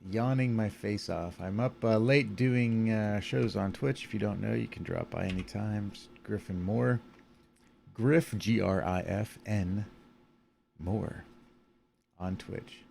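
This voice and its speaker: Sleepy deep-voiced man, gravelly, rambling tutorial over faint room hiss. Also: slow pace. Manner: relaxed and rambling, many fillers, yawning. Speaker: animation puppet creator. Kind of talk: casual screen-recorded tutorial.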